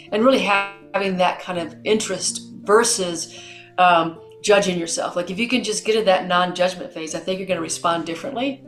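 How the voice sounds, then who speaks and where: A middle-aged woman hosting a podcast, telling stories in an animated way and acting out the dialogue. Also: fairly low pitch, reverberant. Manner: animated storyteller, acts out dialogue. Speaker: podcast host. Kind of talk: conversational interview.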